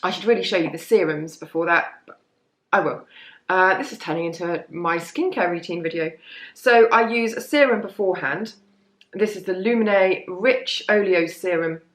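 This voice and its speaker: A woman's voice: fairly low pitch, moderate pace. Woman, beauty vlogger, chatty rambling review, echoey room. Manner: chatty, rambling, self-deprecating. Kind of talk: casual product review.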